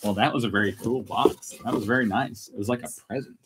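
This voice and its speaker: A man's voice: mid-range voice, fast, a bit bright, a little hiss or hum, rough recording. A man hosting a casual live stream from home, chatty and self-mocking, laughing often. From United States. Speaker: channel host.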